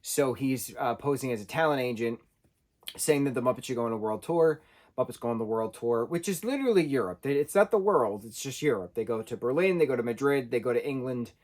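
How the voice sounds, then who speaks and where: A man's voice: medium pitch, a little fast, a little mellow. A man giving a casual spoken film review, talking loosely and correcting himself as he goes. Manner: conversational, self-correcting, loosely rambling.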